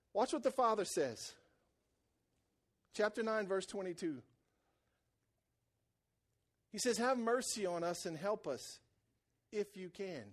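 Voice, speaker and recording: A man gives a sermon as a pastor in church, echoing key phrases for emphasis while swinging between soft, intense moments and loud, animated ones. His pitch is extremely high.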